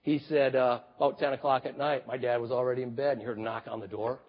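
A man in his fifties preaching a sermon, telling stories and swinging from booming to hushed. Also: fairly even intonation, fast. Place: large church hall. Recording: reverberant hall, slightly dull sound.

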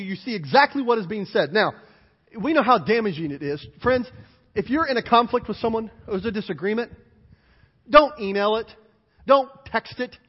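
A man preaching a sermon as pastor, animated and emphatic, driving points home with repeated lists. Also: very high voice, husky. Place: church sanctuary. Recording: dull, hall-reverberant church recording.

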